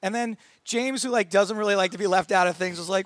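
A man co-hosting a podcast in casual chat, telling stories in an animated way and laughing often. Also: sits high, fast, few pauses. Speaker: podcast co-host.

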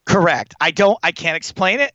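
High, animated man telling comic stories. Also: moderate pace, no echo, dull audio. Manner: rambling, animated, swearing often, laughing through stories. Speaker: guest storyteller. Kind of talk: comic anecdote on a podcast.

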